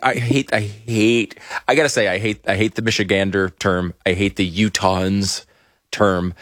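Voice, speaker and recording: A man's voice: fairly low pitch, steady tone, moderate pace, a bit bright, dry recording, clean studio sound. A man hosting a casual political podcast, rambling with frequent restarts and chuckles. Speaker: podcast host.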